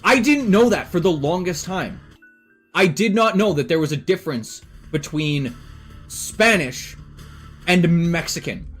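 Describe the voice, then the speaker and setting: A man's voice: fairly high pitch, expressive, measured pace, slightly rough, soft background music. A man from Canada streaming and chatting casually with his viewers, blunt and emphatic with plenty of swearing.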